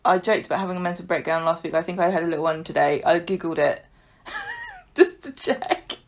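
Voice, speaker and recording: A woman's voice: lowish voice, huge pitch swings, brisk. A woman co-hosting a podcast in casual chat. She tells stories in a chatty way and laughs often. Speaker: podcast co-host.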